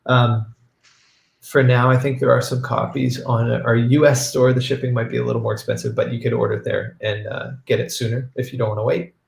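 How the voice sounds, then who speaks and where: A man hosting a casual livestream, relaxed and reading viewer questions aloud. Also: mid-range voice, gravelly, echoey room. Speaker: band member hosting a livestream.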